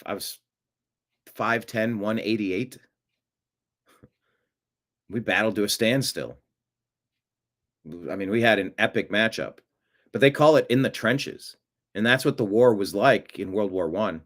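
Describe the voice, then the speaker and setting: A man's voice: on the low side, unhurried, pauses often, fairly bright tone. A man hosting a live stream, chatting casually and reading viewer comments with rambling, jokey asides. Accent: American. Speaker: show host.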